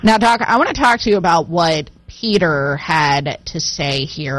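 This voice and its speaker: A woman's voice: low-pitched, a little slow, few pauses, fairly bright tone, no room sound, rough recording. A woman hosting a conversation about scripture, reading a passage aloud and asking curious questions in a casual way. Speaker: host.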